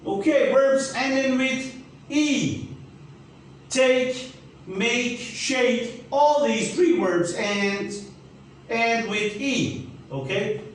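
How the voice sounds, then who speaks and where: A man with a Turkish accent teaching an English grammar lesson, speaking slowly and emphatically and spelling letters out. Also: extremely high pitch, heavy reverb, distant mic, a little hiss or hum, low-quality recording.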